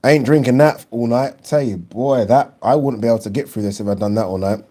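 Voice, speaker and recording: Guy doing a casual live stream, mellow dark voice, chatty, reads out comments. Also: mid-range voice, a little fast. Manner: chatty, animated, reads viewer comments aloud. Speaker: boxing channel host.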